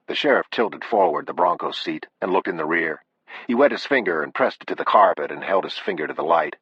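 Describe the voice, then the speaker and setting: A man narrating an audiobook in a measured, unhurried reading. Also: sits low, expressive, husky, no echo. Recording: dull, dry lo-fi audio.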